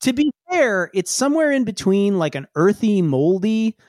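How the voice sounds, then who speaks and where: A man's voice: high-pitched, normal speed, dry recording, clean studio sound. A man running a tabletop role-playing game as game master, narrating with many casual fillers. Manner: lively, many fillers like "like" and "kinda".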